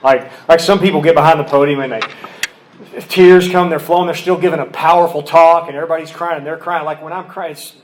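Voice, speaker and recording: A man's voice: fairly high pitch, steady tone, fast talker. Joking, candid man at a podium. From Oklahoma. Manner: candid, self-deprecating, storytelling with humor. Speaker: AA speaker. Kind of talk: recovery meeting talk. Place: meeting room with podium. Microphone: podium mic.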